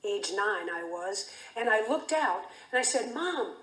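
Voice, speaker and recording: A woman's voice: medium pitch, expressive, unhurried, fairly bright tone. A woman giving a keynote speech, telling a story in a vivid, dramatic way. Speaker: keynote speaker. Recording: echoey hall.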